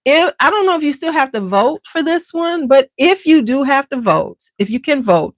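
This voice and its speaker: Animated, sassy woman with a Chicago accent. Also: normal speed, no echo. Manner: animated, sassy, swings into high exaggerated quotes. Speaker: beauty channel host. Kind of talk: casual chat to camera.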